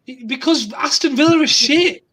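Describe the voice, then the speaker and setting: A man's voice: very high-pitched, normal speed, fairly bright tone. A man on a casual football chat over a video call, playful, teasing and stubborn in his opinions. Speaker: youth football coach and podcast panelist.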